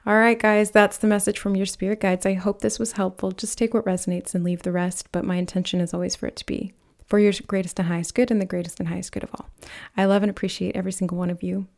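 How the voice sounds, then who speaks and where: Gentle woman giving a tarot reading. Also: mid-range voice, little pitch movement, fast. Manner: gentle, earnest, rambling with soft laughs. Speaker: tarot reader. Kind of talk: pick-a-card reading.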